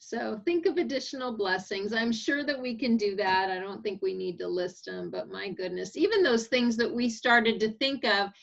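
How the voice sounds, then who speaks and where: A woman leading a Bible study, telling a story in a lively way and acting out the quoted voices. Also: moderate pace, gravelly, hardly any pauses. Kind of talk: casual group discussion. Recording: muffled low-fidelity audio.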